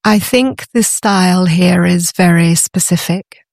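Interview guest, enthusiastic storyteller, slightly rough voice, mid pitch. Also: measured pace, no room sound, studio quality. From Britain. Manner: enthusiastic, warm storytelling, many fillers and restarts. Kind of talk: conversational interview.

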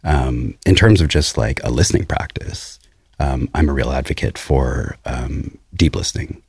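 A man, a composer and producer, talking through his recording work in a thoughtful, measured way with frequent pauses. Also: a bass voice, darkish tone, breathy edge, no room sound, studio quality. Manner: thoughtful, many "um"s and restarts, measured storytelling. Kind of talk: casual interview conversation.

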